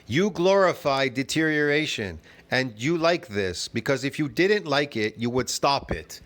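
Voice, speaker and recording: A man's voice: mid-range voice, expressive, measured pace, a bit bright. A man talking back to a video in argumentative reaction commentary, combative and scoffing, laughing at times and asking "get it?". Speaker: fitness vlogger reacting to a video.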